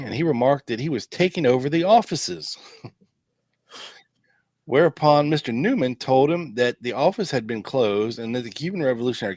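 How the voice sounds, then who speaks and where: A podcast host reading through old investigation files, casual and chatty, with wry asides thrown in between the quotes. His voice sits at an ordinary man's pitch. The sound is dry and close, with no room echo. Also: darkish tone. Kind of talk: casual chat, reading documents aloud.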